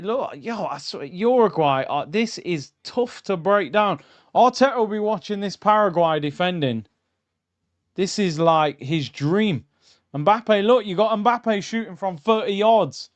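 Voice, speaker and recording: A young man hosting a live football watchalong, chatting through the game and yelling at the screen. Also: high voice. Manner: excitable, shouts at the screen, chatty tangents. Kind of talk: live match reaction commentary. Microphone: streaming mic.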